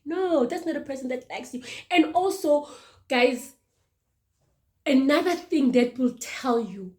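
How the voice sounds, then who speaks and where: A woman's voice: a little high, darkish tone. Earnest thirties woman giving advice. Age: 30s. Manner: earnest, emphatic, repeats herself. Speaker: show host. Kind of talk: casual advice monologue.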